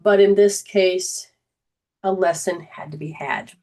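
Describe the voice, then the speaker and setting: A woman's voice: on the low side, steady tone, unhurried, darkish tone. A woman host of a healing talk show, sharing a personal story in a casual, earnest way with many restarts. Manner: earnest storytelling, quotes others, frequent restarts. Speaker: host, energy healer.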